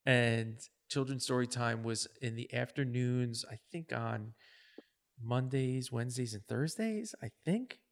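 A woman host reminisces in a relaxed interview, her voice slightly gravelly. She tells stories with energy and lively pacing. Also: unhurried. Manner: animated storytelling, acts out voices with high pitch jumps.

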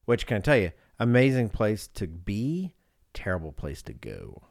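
A man's voice: lowish voice, huge pitch swings, moderate pace, creaky, no room sound, studio quality. A man in his thirties, a podcast co-host, telling a travel story in casual chat and slipping into voices of the people in it.

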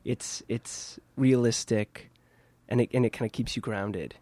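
A man's voice: medium pitch, fairly even intonation, measured pace, warm tone, dry recording. A man from Kansas, a puppeteer, chatting in his puppet studio in a self-deprecating way with frequent laughs. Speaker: puppeteer guest. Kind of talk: casual interview.

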